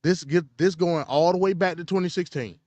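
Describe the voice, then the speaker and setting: A man's voice: fairly high pitch, a little fast, darkish tone, a little hiss or hum. A man hosting a casual political commentary show, blunt and opinionated. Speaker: host.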